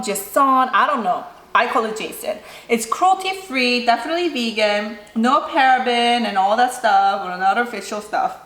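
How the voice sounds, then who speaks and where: Young woman vlogger, casual Q&A, fairly high voice, chatty and rambling, roomy echo. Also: fairly bright tone. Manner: chatty, lots of "like" and "you know". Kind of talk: casual Q&A chat. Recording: echoey room.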